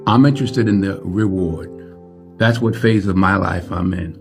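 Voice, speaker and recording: Emphatic older man, slow and deliberate. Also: low voice, vocal fry, faint music behind. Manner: emphatic, deliberate, repeats lines for effect. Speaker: interviewee. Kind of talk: reflective interview talk.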